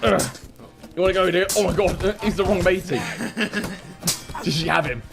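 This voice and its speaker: A man streaming a fighting game, reacting loudly, repeating himself and laughing often. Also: sits high, normal speed, creaky, music in the background. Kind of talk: excited gameplay commentary.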